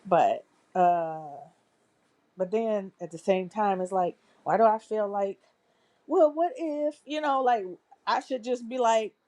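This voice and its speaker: A woman's voice: medium pitch, slow, darkish tone, dry recording. Hesitant woman asking for advice. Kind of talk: casual conversation.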